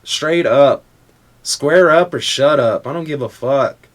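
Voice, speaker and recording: A man's voice: on the high side, takes it slowly. A young adult man hosting a casual motivational podcast who talks in a blunt, profane rant. He mocks the people he complains about and keeps up a confrontational edge throughout. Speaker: podcast host.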